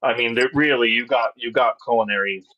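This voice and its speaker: A man's voice: mid-range voice, brisk, dull audio, slight background noise. Rambling, easy-laughing man chatting. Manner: rambling, laughs easily, hesitant fillers. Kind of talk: casual chat.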